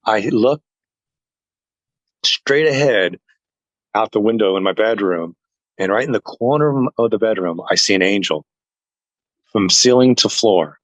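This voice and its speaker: A man telling a personal story to an interviewer in a casual chat, earnest and animated, acting out what others said. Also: on the low side, unhurried, pauses often, dry recording, highs cut off. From family heritage is Norwegian. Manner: earnest, animated retelling that acts out other people's lines. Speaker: interview guest.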